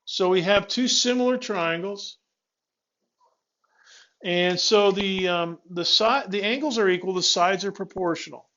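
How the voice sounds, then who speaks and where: A man's voice: high-pitched, unhurried, fairly bright tone, muffled recording. A male physics instructor giving a classroom lecture, talking students through the steps with restarts and checking questions.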